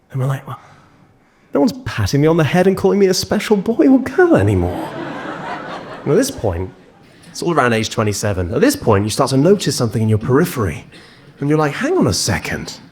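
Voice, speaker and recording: A young Englishman doing stand-up before a live crowd, rambling and self-mocking. His pitch swings around freely as he riffs, at an even middle height. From England. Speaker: stand-up comedian. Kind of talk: stand-up comedy. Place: on stage before a live audience.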